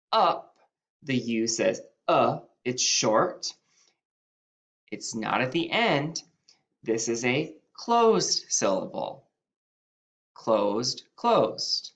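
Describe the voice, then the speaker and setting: Slow, patient male first-grade teacher. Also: mid-range voice, big pitch swings. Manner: sounds out letters and stretches key words upward. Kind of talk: slow, patient phonics lesson.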